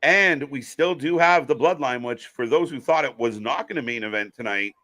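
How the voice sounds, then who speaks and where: Bright, jokey male stream host. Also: mid-range voice, moderate pace. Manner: jokey, addresses viewers directly. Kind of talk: casual live wrestling commentary.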